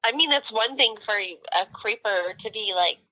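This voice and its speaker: Bright-voiced chatty woman. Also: a little high, normal speed, no echo, low-quality recording. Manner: animated storytelling, many fillers. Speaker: podcast co-host. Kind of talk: casual chat.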